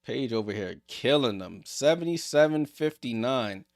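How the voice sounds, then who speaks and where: A chatty man calling a basketball game live for his viewers, excitable and joking as the plays unfold. His voice sits at a middle pitch. The sound is dry and close. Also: moderate pace, no room sound. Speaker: streamer hosting a game watchalong. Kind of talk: casual live play-by-play commentary.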